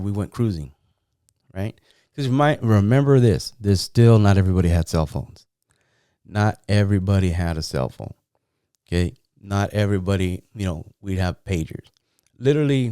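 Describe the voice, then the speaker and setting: A middle-aged man from San Jose with a low, warm voice tells loose, profane stories about the old days. His tone is smooth and clean, and the sound is close and dry with no room around it. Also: no echo. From San Jose, California. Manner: rambling, profane, streetwise. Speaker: podcast host. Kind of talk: casual storytelling.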